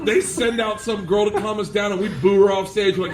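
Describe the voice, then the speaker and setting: A man's voice: high voice, fairly quick, hardly any pauses, roomy sound, far from the mic. A man doing stand-up storytelling, rowdy and swearing, acting out the people he quotes. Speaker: stand-up comedian.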